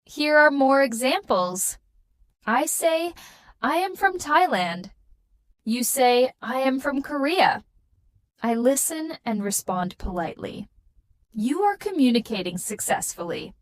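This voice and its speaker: A young woman teaching a beginner English lesson with slow, clear and encouraging delivery. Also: high voice, big pitch swings.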